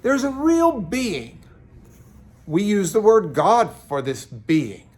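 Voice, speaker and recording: A man's voice: high voice, sing-song, slow. A middle-aged man giving a daily Bible devotional from his office, earnest and emphatic, often repeating words as he goes. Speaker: Bible teacher. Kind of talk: daily devotional talk to camera.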